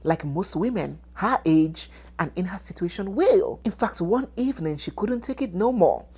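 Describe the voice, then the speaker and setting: A woman tells a documentary story in a husky, slightly low voice. Her delivery is animated and sweeps widely in pitch. She drops into hushed whispers for effect. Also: moderate pace.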